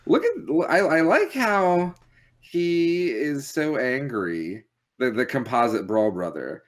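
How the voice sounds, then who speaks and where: A man's voice: mid-range voice, very animated, takes it slowly. A man co-hosting a casual chat about retro games, jokey and riffing on silly details. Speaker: podcast co-host.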